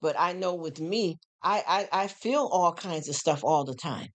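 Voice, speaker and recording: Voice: medium pitch, animated, a little slow. A middle-aged livestream host chatting casually with viewers in a frank, emphatic way, full of repeated affirmations and rhetorical questions. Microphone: streaming setup.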